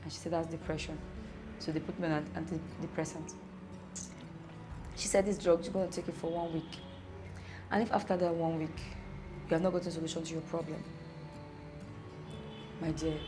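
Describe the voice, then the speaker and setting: A young woman telling her own story in an animated way, with rhetorical questions and laughing asides. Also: low-pitched, a little fast, long pauses. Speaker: interviewee. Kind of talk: personal storytelling. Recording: music playing underneath.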